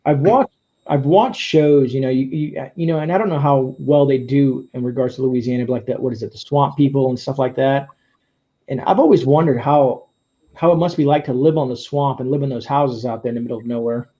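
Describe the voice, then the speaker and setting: A man's voice: medium pitch, fairly quick, dark tone. A man from the Florida Keys hosting a casual live-stream interview. He rambles, restarts often and laughs easily. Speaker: host. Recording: dull lo-fi stream audio.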